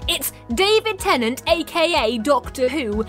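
An upbeat woman hosts a children's radio show, full of enthusiasm about books. Her voice sits a little high, with quiet music playing underneath. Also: sing-song, a little slow. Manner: cheerful, enthusiastic. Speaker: radio host.

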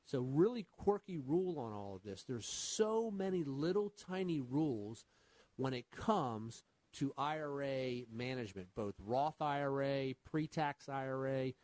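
A man with a mid-range voice and dry, close studio sound, co-hosting a finance radio show. He plays the advisor, setting quiz questions and patiently unpacking retirement rules in a plain, even manner. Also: medium pitch, unhurried, dry recording. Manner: explains rules patiently while quizzing his co-host. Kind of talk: radio call-in finance chat.

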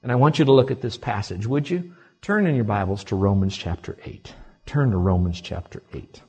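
Man, pastor, husky voice, sermon in a church, loud bursts and soft asides. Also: lowish voice, brisk, faint music behind. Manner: animated preaching, swinging between loud exclamations and quiet asides. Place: church sanctuary.

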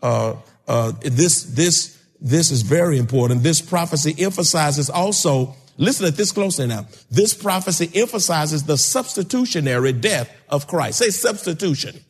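A man preaching a sermon, calling out to his congregation and rising to shouts. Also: fairly high pitch, lively intonation, moderate pace, hardly any pauses, slightly rough. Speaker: pastor. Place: church sanctuary. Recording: long hall reverb.

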